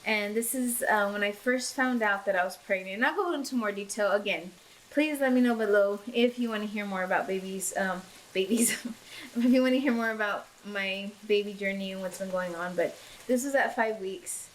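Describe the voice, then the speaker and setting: A woman's voice: mid-range voice, normal speed, a little hiss or hum, low-quality recording. A young pregnant woman vlogging, chatting emotionally and giggling, with lots of fillers. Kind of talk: casual chat while cooking. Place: home kitchen. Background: food sizzling in a pan.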